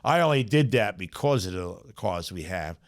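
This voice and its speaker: This South Bronx native has a low, animated voice and speaks at a normal speed. Middle-aged and New York-accented, he spins streetwise tales on a podcast, swearing freely in the relaxed conversation and repeating "you know what I'm saying" again and again.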